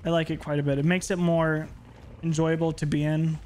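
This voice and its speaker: A man's voice: a little high, level tone, brisk, a little mellow. A man streaming a game from his home office, chatting casually and rambling with playful asides. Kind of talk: casual gaming stream chat.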